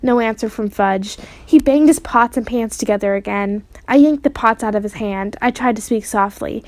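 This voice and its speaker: A woman reading a children's chapter book aloud in steady storytelling narration. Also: fairly high pitch, moderate pace, no echo. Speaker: reader.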